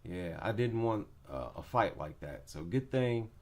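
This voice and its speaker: A man's voice: on the low side, animated, a little slow, darkish tone. A man giving a casual, opinionated breakdown of MMA fights, repeating his points for emphasis. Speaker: MMA commentator.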